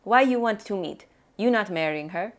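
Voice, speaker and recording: A woman reading aloud and voicing an excitable, stubborn 84-year-old father who speaks in broken English. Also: mid-range voice, normal speed, lightly acted. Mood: defensive. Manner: broken English, insistent, snappish.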